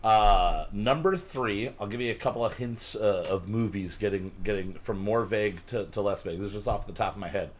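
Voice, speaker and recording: A man's voice: lowish voice, fairly quick, few pauses, a little hiss or hum. A man hosting a casual chat with friends, explaining a list in a chatty way and swearing now and then. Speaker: podcast host.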